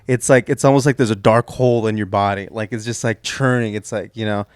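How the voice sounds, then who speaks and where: A man's voice: on the low side, steady tone, clean tone, no echo, clean studio sound. A young man co-hosting a comedy podcast, telling a rambling story full of restarts and fillers. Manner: rambling, halting, many restarts. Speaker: podcast co-host.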